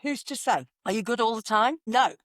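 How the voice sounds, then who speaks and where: A woman, a confidence coach talking in an energetic, conversational way and repeating phrases for emphasis. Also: fairly high pitch, normal speed, dry recording, clean studio sound. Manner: animated, repeats phrases, sings affirmations in varied inflections. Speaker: confidence coach, podcast guest.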